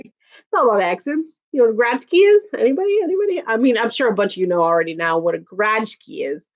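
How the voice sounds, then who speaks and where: A woman's voice: a little high, expressive, fast talker, muffled recording. A woman, chatting casually with her viewers, laughing often and using lots of filler words. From Chicago, USA. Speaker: livestream host. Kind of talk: casual chat reading viewer comments.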